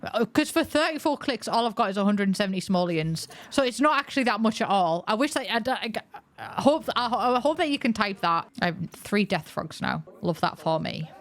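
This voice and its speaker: A woman giving chatty, excitable let's-play commentary, thinking aloud as she plays. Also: medium pitch, brisk. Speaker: gaming video creator.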